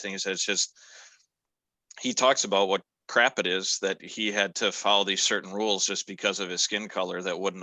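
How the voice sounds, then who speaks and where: A man in his thirties, a guest on a casual podcast, speaking in an earnest, measured way. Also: lowish voice, sharp tone, no room sound, low-quality recording. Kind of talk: casual chat.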